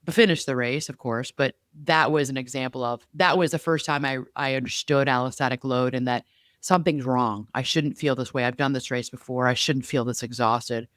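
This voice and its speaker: A woman co-hosting a podcast, telling stories in a lively, chatty way. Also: a bass voice, fairly quick, dry recording, studio quality. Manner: animated storyteller, lively and chatty. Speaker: podcast co-host. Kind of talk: casual podcast conversation.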